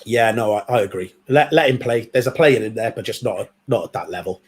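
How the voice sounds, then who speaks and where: A man's voice: lowish voice, brisk. A man co-hosting a football watchalong, easygoing and agreeable, with some teasing banter. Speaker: watchalong co-host.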